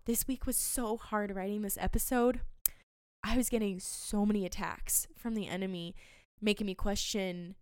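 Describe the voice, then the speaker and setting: A young woman hosts a faith podcast, speaking earnestly and emotionally, often stopping to restart her sentences. Her voice is smooth and clear, and it sits dry and close with no room sound around it. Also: medium pitch, no room sound. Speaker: podcast host.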